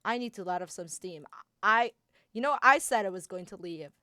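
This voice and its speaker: A woman's voice: medium pitch, expressive, sharp tone, no room sound, studio quality. Woman voicing a bitter young male warrior. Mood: angry. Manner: stammering, halting outbursts. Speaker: voice actor. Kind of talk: improvised fan voice acting.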